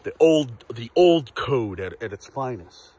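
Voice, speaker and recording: Husky guy ranting into the camera, swears a ton, voice jumps all over. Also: medium pitch, expressive, measured pace, warm tone. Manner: profane, rambling, repetitive. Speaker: vlogger. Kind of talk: casual rant to camera.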